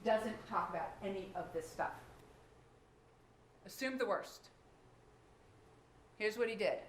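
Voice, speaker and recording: Slow and at medium pitch, a woman prosecutor addresses the jury in closing, emphatic and repeatedly asking rhetorical questions. It's recorded in an echoey courtroom with faint noise in the background.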